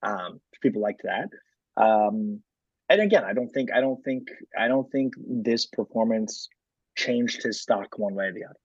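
A man with a husky, slightly rough voice talks sports in a loose, rambling way, dotted with "um" and "like." The sound is dry and a little dull, like a lo-fi home podcast setup. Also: lowish voice, lively intonation, a little slow, dry recording. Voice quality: frequent filler words and restarts. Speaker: podcast co-host. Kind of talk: casual sports chat.

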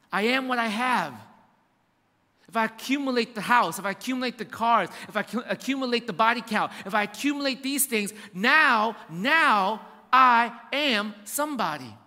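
A man's voice: very high voice, a little fast, pushed and bright, long reverb tail. A man preaching a sermon as pastor, emphatic and repetitive, addressing his church directly.

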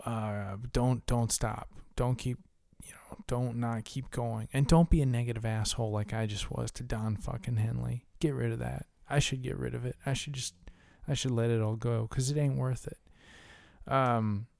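A man's voice: medium pitch, steady tone, normal speed, vocal fry, few pauses, a little mellow, no echo. A man co-hosting a casual podcast, ranting with heavy profanity. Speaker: podcast co-host.

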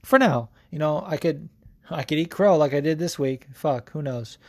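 A man's voice: on the high side, normal speed, a little mellow, no room sound, studio quality. A young man hosting a podcast, giving casual, profane sports commentary full of fillers. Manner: loose and profane, lots of fillers. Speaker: podcast host.

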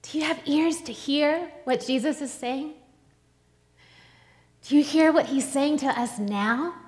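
A woman preacher delivering a sermon, telling a story slowly and dramatically with pauses. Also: high-pitched, big-room sound.

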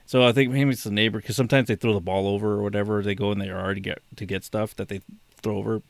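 A man's voice: fairly low pitch, fairly even intonation, quick pace, vocal fry, dry recording. Rambling man on a dry mic. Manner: rambling storytelling with many restarts. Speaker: podcast co-host. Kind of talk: casual chat.

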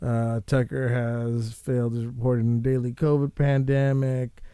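A man hosting a casual show, ranting and swearing in a rambling, animated way. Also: mid-range voice, a little slow, smooth, no echo, clean studio sound. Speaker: podcast host.

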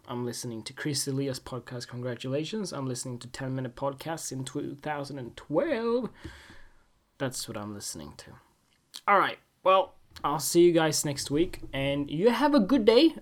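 Swedish guy doing a solo podcast, rambly and jokey, makes fun of himself. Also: on the high side. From Sweden. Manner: rambling, jokey, self-mocking asides. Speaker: podcast host. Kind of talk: casual solo podcast monologue.

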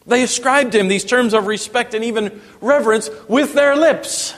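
A man preaching a sermon, dropping to a hush and then rising to emphatic, raised passages. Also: extremely high pitch, normal speed, few pauses. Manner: wide swings from hushed to emphatic preaching. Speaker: pastor. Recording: long reverb in a hall.

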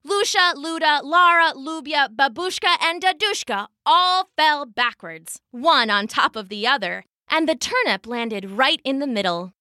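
Bright, lilting woman storyteller. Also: high voice, lively intonation, a little slow, hardly any pauses, dry recording, clean studio sound. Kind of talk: scripted storybook narration.

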